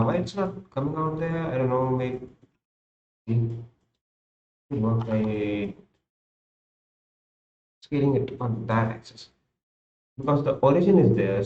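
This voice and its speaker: A man's voice: medium pitch, a little mellow, slight background noise. A young man with an Indian English accent chatting loosely on a live stream, thinking aloud as he works, often repeating and restarting his sentences. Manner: rambling, repeats and restarts himself. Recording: roomy, slightly dull home recording.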